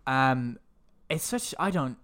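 Guy ranting about a movie, swears a lot, gets worked up, mid-pitched voice. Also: takes it slowly, clear, resonant tone. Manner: animated ranting, heavy swearing. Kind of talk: casual film chat.

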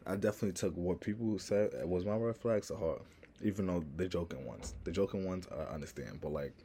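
A man's voice: low-pitched, brisk, warm tone, slight background noise. A young man from Harlem with a New York accent, talking brashly and profanely to his viewers in a rambling, casual monologue full of "like". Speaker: vlogger.

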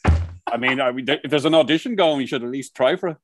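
A man co-hosting a casual podcast, his voice of middling pitch and dry, with no roominess around it. He rambles through stories and swears freely. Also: fast talker, no room sound. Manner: rambling storyteller, swears a lot. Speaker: podcast co-host. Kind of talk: casual chat. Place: outdoors by the coast.

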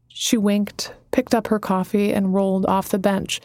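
A woman reads a novel aloud in a gentle, even way at a slow, unhurried pace. Her mid-pitched voice sounds close and dry, like a quiet studio booth. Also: no echo. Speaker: audiobook narrator. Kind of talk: scripted narration.

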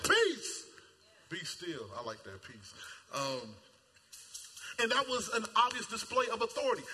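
A man preaching a sermon in a casual, colloquial way, animated and playful, jumping into character voices and shouting at high points. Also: a little hiss or hum. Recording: long hall reverb, faint ambience.

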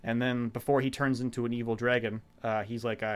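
A man in casual chat, recapping a show in a rambling, profane way and quoting the characters in quick voices. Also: mid-range voice, level tone, smooth.

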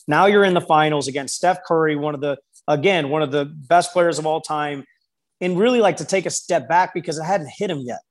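A basketball skills coach, his voice on the high side and brisk, tells stories during an interview conversation. He brings the people he quotes to life with lively voices.

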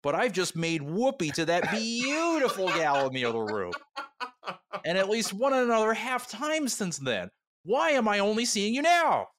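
A man's voice: sits high, big pitch swings, normal speed, fairly bright tone, pitched above the performer's own voice. A man voicing a bewildered, earnest middle-aged man who asks rising, exasperated questions while reading a comic fan story aloud.

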